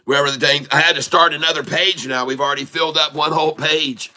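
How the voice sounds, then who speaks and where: A middle-aged man hosting a live day-trading stream, folksy and excitable, thanking viewers and calling out moves to his "folks.". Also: a little high, quick pace, a little hiss or hum. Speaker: day-trading livestream host.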